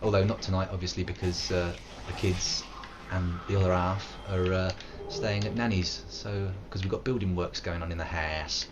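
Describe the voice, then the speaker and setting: Over a noisy background, a deep-voiced man from England, in his thirties, keeps a steady tone at normal speed while streaming a game and talking to viewers. He's playful and rambling, often slipping into goofy put-on voices.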